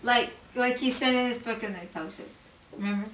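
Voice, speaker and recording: A woman's voice: fairly high pitch, brisk, fairly bright tone. A woman in an audience chatting casually and recounting an anecdote with quoted voices. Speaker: audience member. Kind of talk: casual conversation. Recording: far-off mic in an echoey room with faint noise.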